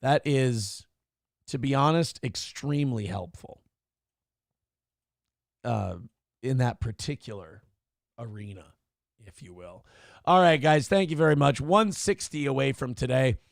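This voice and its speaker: A man's voice: medium pitch, lively intonation, measured pace, gravelly, long pauses, dry recording. Man, morning show host, profane, joking about the news, dry close sound. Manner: irreverent, riffing, profane. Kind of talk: comedic news talk.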